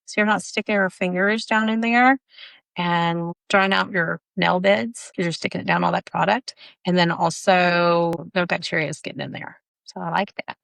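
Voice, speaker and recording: A woman's voice: on the low side, fairly even intonation, moderate pace, vocal fry, a bit bright, no echo. A woman in her forties, an esthetician, chatting through a casual tutorial in her home bathroom and repeating her instructions emphatically.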